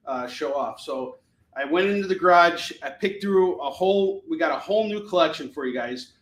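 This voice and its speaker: A man's voice: fairly high pitch, fairly bright tone. Rambling man host in an echoey room. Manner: rambling, chatty, many fillers. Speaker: live shopping show host. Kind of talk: casual live-stream chat. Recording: echoey room, mic at a distance.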